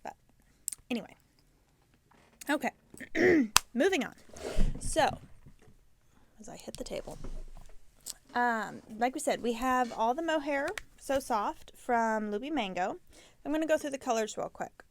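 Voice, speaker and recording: A woman's voice: on the high side, lively intonation, a little slow, long pauses, a little hiss or hum. Chatty woman showing her knitting. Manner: chatty, self-correcting, drops into soft asides. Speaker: knitting podcast host. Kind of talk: casual show-and-tell chat.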